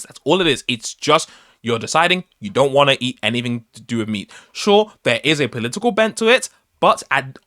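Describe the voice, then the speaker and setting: A man's voice: medium pitch, sharp tone, dry recording, clean studio sound. A man ranting in an opinion vlog, exasperated and incredulous, his voice worn out. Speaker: vlogger.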